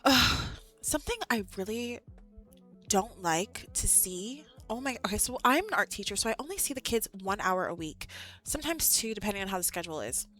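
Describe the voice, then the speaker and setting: A young woman, an art teacher, chatting casually on a livestream in an animated, exasperated way. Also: mid-range voice, fairly quick, soft background music. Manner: animated, exasperated ranting with laughs.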